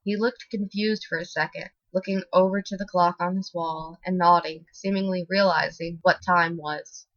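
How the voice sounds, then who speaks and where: A woman reading a horror story as scripted narration in a steady, expressive way, in a slightly muffled dry recording. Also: lowish voice, normal speed, hardly any pauses, no echo.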